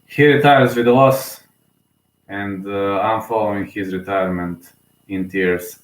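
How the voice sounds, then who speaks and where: A young man giving live, emotional fan commentary on a fight, excitable and often repeating himself. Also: fairly low pitch, measured pace. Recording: roomy echo.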